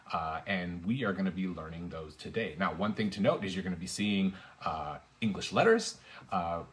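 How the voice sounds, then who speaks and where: A man teaching a beginner language lesson, patient and encouraging, with frequent fillers and repetition. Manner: jumps high and loud when modeling tones. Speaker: Mandarin teacher.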